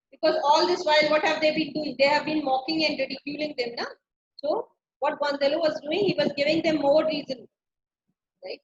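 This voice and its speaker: A woman's voice: sits high, slight background noise. A woman, teaching a play by paraphrasing each line in simple words. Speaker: literature teacher. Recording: dull lo-fi recording.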